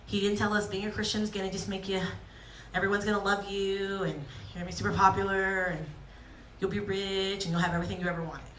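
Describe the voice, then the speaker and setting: Lively woman preaching in an echoey hall. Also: medium pitch, fast talker, recorded from a distance, slight background noise. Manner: lively, jokey, acts out quotes. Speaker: youth speaker. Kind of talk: youth sermon. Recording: echoey hall, speaker off-mic.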